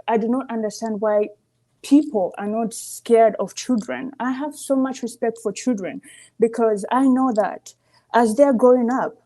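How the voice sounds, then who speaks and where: A woman's voice: fairly high pitch, mellow. A woman calling in to a live show, earnest and emphatic, often asking "you see". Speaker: caller. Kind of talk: call-in opinion.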